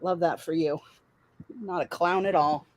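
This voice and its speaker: A woman's voice: fairly low pitch, fairly even intonation, measured pace, a little hiss or hum. A woman hosting a stream, commenting on a clip in a sarcastic, mocking way. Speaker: host.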